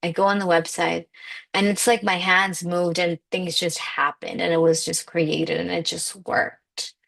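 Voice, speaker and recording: An emphatic woman with a slightly low voice delivers a motivational spiritual talk as a manifestation coach. She speaks in a loose, conversational way, full of "like" and direct appeals. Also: level tone, unhurried, gravelly, a bit bright.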